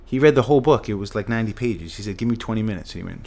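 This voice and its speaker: A man's voice: lowish voice, lively intonation, very fast, darkish tone. A middle-aged man earnestly telling a personal story as an interview guest.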